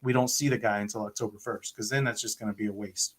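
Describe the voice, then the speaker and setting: A man's voice: on the low side, fairly even intonation, quick pace, slightly rough. A man co-hosting a podcast, discussing wrestling in an earnest, hesitant way. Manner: earnest, hesitant, many fillers and restarts. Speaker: podcast co-host. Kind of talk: casual wrestling chat.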